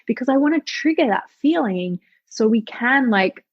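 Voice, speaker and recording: Husky, candid woman guest chatting. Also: medium pitch, lively intonation, brisk, few pauses, dry recording. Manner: candid, swears freely, acts out quoted thoughts. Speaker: money mindset coach, podcast guest. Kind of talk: casual interview chat. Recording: slightly dull lo-fi audio.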